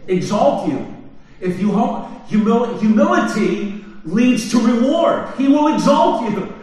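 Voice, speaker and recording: A man preaches a sermon, firing questions at his listeners and dropping to hushed lows before rising to shouts. His voice sits fairly high for a man. It is picked up from far away in a very echoey hall. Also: lively intonation, takes it slowly. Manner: asks the congregation questions, swings from hushed to shouting. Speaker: pastor.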